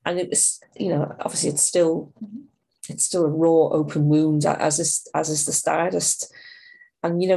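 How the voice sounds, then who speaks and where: A middle-aged woman, a writer and performer, talking in an interview in a halting, heartfelt way with many restarts. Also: fairly low pitch, creaky, darkish tone, husky. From Ireland. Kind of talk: conversational interview.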